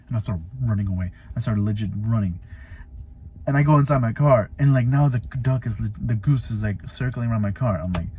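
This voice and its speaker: A stay-at-home dad who drives deliveries, telling a funny story in a casual vlog and leaning heavily on fillers like "you know" and "like". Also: male voice, lowish voice, fast, mellow, slightly rough. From Florida.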